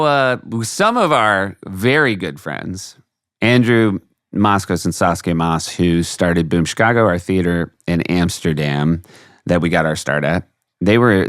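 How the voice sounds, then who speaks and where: A middle-aged man co-hosting a podcast, chatting casually with quick jokes and rambling asides. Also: deep voice, fairly bright tone, smooth, dry recording, studio quality. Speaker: podcast co-host. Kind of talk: casual chat.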